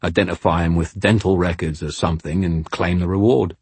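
A man's voice: low-pitched, fairly even intonation, a little fast, a little mellow, breathy edge, no echo, exaggerated voice. A man reading an audiobook voicing a coarse, annoyed hired mercenary who growls and swears freely. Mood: gruff, cunning.

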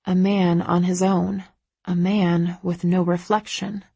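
A woman's voice: fairly low pitch, little pitch movement, slow, creaky, mellow, breathy edge, no echo. A woman narrating a first-person audiobook in an intimate, emotive way.

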